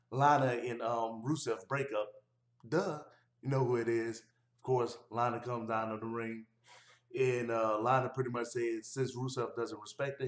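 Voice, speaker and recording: A man giving a casual, rambling recap of a wrestling show, with easygoing delivery and frequent fillers. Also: medium pitch. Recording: roomy echo.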